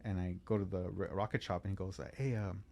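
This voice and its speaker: A man's voice: low-pitched, fairly even intonation, quick pace, creaky, darkish tone. A man from California telling a long story in casual podcast chat, swearing freely and acting out both sides of the conversation.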